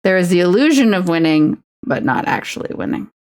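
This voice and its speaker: A woman's voice: fairly low pitch, sing-song, a little fast, a little mellow. A woman streamer chatting casually with her viewers while she paints a miniature. She rambles and fills her talk with "like" as she answers chat messages. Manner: rambling, filler-heavy "like" speech.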